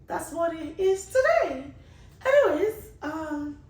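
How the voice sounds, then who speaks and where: Woman host, high voice, earnest and rambling with restarts, echoey room. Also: animated, moderate pace, a little mellow, distant mic. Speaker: podcast host. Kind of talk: casual monologue to listeners.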